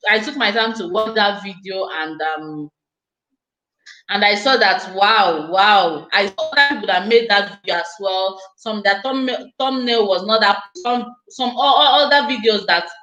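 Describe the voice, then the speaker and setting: A woman's voice: medium pitch, bright, forceful tone, roomy sound, low-quality recording. A woman hosting a casual live stream, chatting effusively and speaking straight to her viewers.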